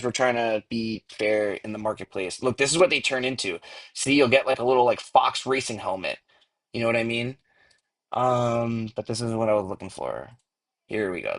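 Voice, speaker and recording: A man hosting a casual livestream, rambling in slang and saying "bro" often, talking through earbuds. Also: fairly low pitch. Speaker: livestream host. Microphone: earbuds mic.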